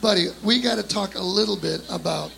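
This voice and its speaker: High, gravelly, bright-voiced man. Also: brisk, slight background noise, low-quality recording. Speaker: drummer and voice actor. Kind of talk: casual chat.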